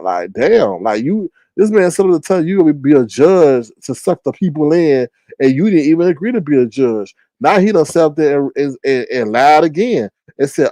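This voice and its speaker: Sarcastic man ranting on a live stream. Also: no room sound. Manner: animated, sarcastic, mocking quotes with sudden high squeals. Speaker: live stream commentary host. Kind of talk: casual ranting commentary.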